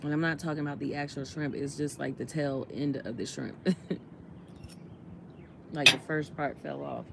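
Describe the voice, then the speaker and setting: A woman's voice: sits low, steady tone, moderate pace, creaky, long pauses, heavy background noise. A woman vlogger chatting casually while eating, in a laid-back, chatty way.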